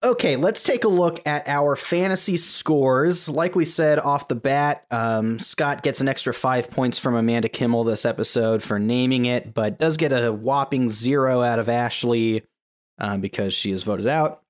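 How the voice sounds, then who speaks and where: A man hosts a relaxed podcast chat, moving the group through picks and scores. He keeps a loose, joking manner with a voice of middle pitch. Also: normal speed. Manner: laid-back, joking, leads the segments. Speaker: podcast host.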